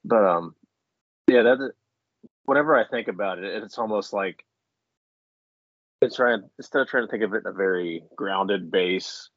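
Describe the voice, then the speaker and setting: A man's voice: lowish voice, normal speed, pauses often, no room sound, muffled recording. A man co-hosting a casual podcast chat at home, rambling with many restarts and frequent laughs. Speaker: podcast co-host. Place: indoors at home.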